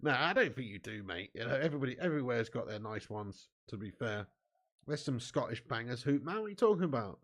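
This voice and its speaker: A man's voice: medium pitch, sing-song, fast. A man hosting a football watch-along stream, reading out viewer comments in casual, jokey banter and laughing often.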